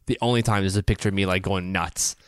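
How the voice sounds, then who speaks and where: A man's voice: low voice, fairly even intonation, quick pace, dry recording, clean studio sound. A man co-hosting a podcast in casual chat, chatty and storytelling. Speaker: podcast co-host.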